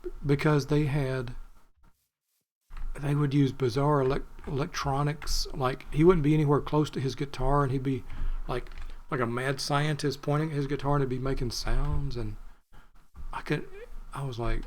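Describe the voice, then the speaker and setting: A man's voice: medium pitch, steady tone, normal speed, a little mellow. A man giving rambling, chatty commentary while playing a video game, thinking aloud and drifting off topic. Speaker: gaming video creator. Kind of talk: rambling let's-play commentary.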